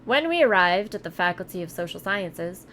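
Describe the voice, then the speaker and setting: A woman's voice: on the low side, sing-song, moderate pace, a bit bright, a little hiss or hum. Casual woman reading a game aloud. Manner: casual, laughs at herself, asides. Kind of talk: reading a visual novel aloud on stream.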